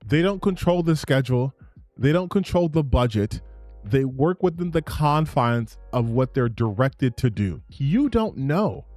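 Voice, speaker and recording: Man, gaming commentator, heated profane rant, lively pitch, faint background music. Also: dry recording. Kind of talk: ranting reaction commentary.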